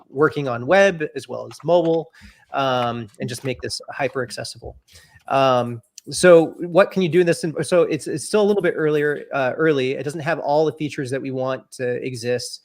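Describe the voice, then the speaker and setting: A man with a gravelly, creaky voice walks through a software demo in a loose, thinking-aloud way. He comes through a video call mic and pauses often to find his words. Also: mid-range voice. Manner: relaxed, thinking aloud with fillers. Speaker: developer demoing a product. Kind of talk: casual live-stream demo.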